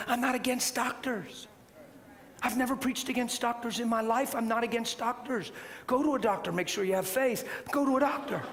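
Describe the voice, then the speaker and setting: Animated high-voiced preacher man. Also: a little fast. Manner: animated, rising to shouts. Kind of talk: sermon storytelling. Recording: long hall reverb, faint noise.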